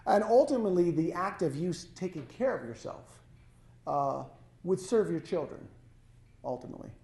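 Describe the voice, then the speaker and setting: A man giving a life-coaching talk to a small audience, speaking in a halting, conversational way and often correcting himself. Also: high-pitched, expressive, vocal fry, dark tone. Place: lodge hall. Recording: echoey hall.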